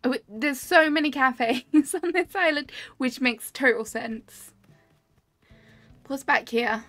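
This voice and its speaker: A woman whose voice sits high and a bit bright takes a slow pace while live-streaming a tour of game islands. She offers cheerful, casual commentary and greets people in chat by name. The audio is dry and close from a webcam and desk mic, with game music behind.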